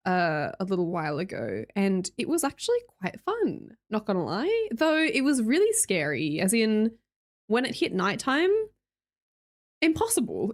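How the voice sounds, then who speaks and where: Bubbly Australian woman streamer. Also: on the high side. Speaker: live streamer. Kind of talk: casual chat reading out viewer messages.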